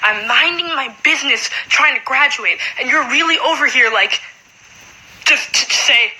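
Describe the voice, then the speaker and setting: A teenage girl rants in a casual vlog, her voice high and piercingly bright. She fills every pause with "like" and sounds fed up. Her talk is quick and loose. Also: low-quality recording. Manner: fast, frustrated talk full of "like". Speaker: high school student.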